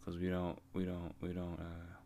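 A man's voice: deep voice, completely flat delivery, moderate pace, dark tone, a little hiss or hum. A young man hosting a solo podcast, telling stories in laid-back, slang-heavy casual chat and laughing often. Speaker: podcast host.

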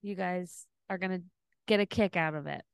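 A woman co-hosting a podcast in casual chat, with playful, deadpan quips. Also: lowish voice, normal speed, vocal fry, smooth, no echo. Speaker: podcast co-host.

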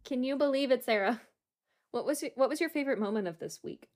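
Bubbly young woman cohost, kinda high voice, giggly and rambly. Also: quick pace, a little mellow. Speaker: podcast co-host. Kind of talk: casual chat.

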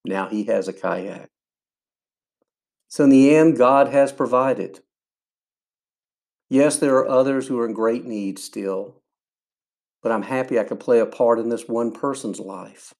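A man, older, hosting a faith podcast and telling a personal story in an earnest, animated way, acting out what people said. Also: lowish voice, normal speed, creaky. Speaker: podcast host.

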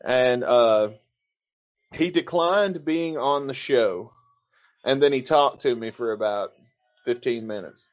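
A man's voice: medium pitch, slow pace, pauses often. A man hosts a podcast, spinning a long, loose story in casual chat. He swears freely and keeps stopping to restart his sentences. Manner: profane, rambling storyteller. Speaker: podcast host.

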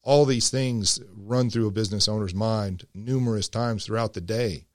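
Low-voiced man explaining business transitions. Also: normal speed, dry recording, studio quality. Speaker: financial advisor. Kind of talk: scripted radio segment.

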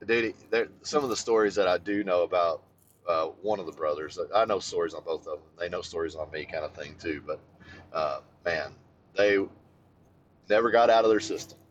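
Deep-voiced guy telling a story on a podcast, gets loud and excited, slight hiss behind. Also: moderate pace, lo-fi sound. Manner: animated, swears freely, voice jumps high when excited. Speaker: podcast co-host. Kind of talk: casual storytelling chat.

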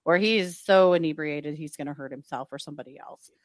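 A woman's voice: low voice, fast, no echo, clean studio sound. A woman co-hosting a true crime podcast, telling a story in casual chat and acting out what people said. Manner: lively retelling with acted-out quotes.

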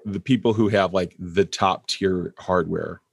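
A man's voice: sits low, fairly even intonation, unhurried, vocal fry, breathy edge. A man co-hosting a casual podcast, talking in a jokey, rambling way. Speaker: podcast co-host.

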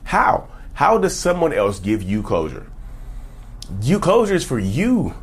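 A man's voice: medium pitch, wildly swooping pitch, a little slow, husky. A man talking casually to camera as a self-help YouTuber, emphatic and preachy, firing off rhetorical questions. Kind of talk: casual direct-to-camera advice talk.

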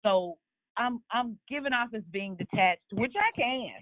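A woman chatting casually with friends, spinning lively family anecdotes and slipping into her relatives' voices. The sound is dry and thin, as if heard over a phone line. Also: on the high side, a little slow, dry recording. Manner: animated storyteller, acts out family members' voices. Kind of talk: casual group chat.

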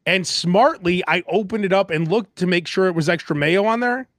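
An animated man hosting a casual podcast, his voice sitting high. He talks quickly and grows loud when he gets worked up. The sound is dry and close. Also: no echo. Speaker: podcast host. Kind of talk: casual chat.

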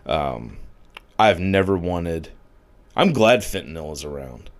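A man's voice: low voice, very animated, takes it slowly. A man delivering a crude, sarcastic comedic rant, swearing freely and leaning on "like" as filler.

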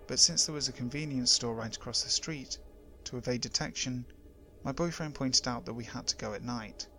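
Guy reading creepy urban exploring stories, steady and hushed, faint music behind. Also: medium pitch. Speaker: horror story narrator. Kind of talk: scripted horror narration.

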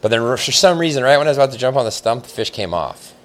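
A man telling a long fishing story in casual chat, rambling and animated, with lots of "like" fillers. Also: mid-range voice, fast talker. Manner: rambling, animated, heavy use of "like".

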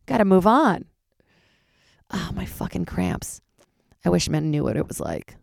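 Tired female comedian, low-ish gravelly voice, candid and swearing, dry close sound. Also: big pitch swings, a little slow, no echo. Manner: candid and loose, swears freely. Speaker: stand-up comedian and podcast host. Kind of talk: casual solo podcast chat.

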